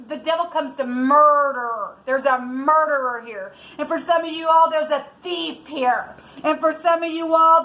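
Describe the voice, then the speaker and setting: A woman's voice: high voice, a bit bright, low-quality recording. A woman doing a spiritual tarot reading for her viewers, angry and ranting in a heated, indignant way. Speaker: tarot reader.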